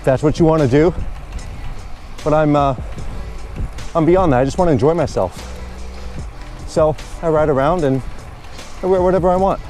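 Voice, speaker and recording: Male vlogger, slightly high voice, chatty and rambling, outdoors on a bike, faint music under. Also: moderate pace, pauses often, mellow. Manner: chatty, rambling, good-humored. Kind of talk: casual narration while cycling.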